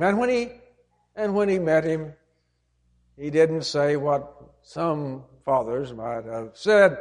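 A man's voice: fairly high pitch, lively intonation, slow, darkish tone. A man preaching a sermon, retelling a parable in an earnest, emphatic storytelling manner.

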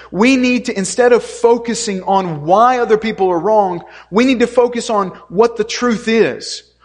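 A male preacher delivering an earnest sermon, stressing points by repeating them. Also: high-pitched. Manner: earnest, repetitive preaching with emphatic lists. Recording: long reverb of a hall.

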